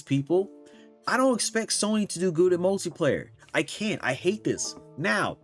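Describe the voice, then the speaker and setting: A man's voice: high voice, sing-song, moderate pace, faint music behind. A young man ranting heatedly about games, swearing and talking in slang. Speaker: gaming commentator. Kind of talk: angry reaction rant.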